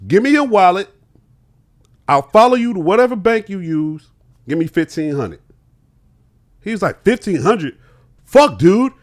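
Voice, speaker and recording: Young man, podcast guest, lively high-pitched storyteller who acts out every voice. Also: normal speed, long pauses. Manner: acts out both sides of an argument, laughing as he tells it. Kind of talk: animated storytelling.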